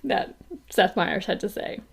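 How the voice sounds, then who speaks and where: A woman co-hosting a casual podcast chat, giggly, with quick asides and lots of filler words. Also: mid-range voice, creaky, breathy edge. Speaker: podcast co-host.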